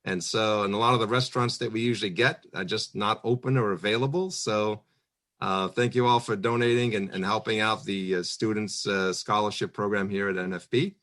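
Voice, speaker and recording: A man's voice: on the low side, steady tone, fairly bright tone. A man running a virtual fundraising auction, calling bids with friendly asides. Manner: brisk calls with friendly asides.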